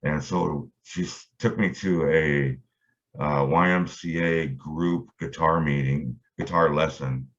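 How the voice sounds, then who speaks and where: Low-voiced man rambling through a story. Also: fairly even intonation, slow pace. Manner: rambling, many fillers and restarts. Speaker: guitarist guest. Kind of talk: casual storytelling interview. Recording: dull lo-fi audio.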